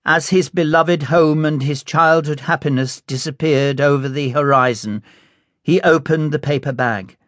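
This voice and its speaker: Slow, measured male audiobook narrator. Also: fairly high pitch, fairly bright tone, dry recording, studio quality. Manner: measured, unhurried storytelling. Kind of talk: scripted narration.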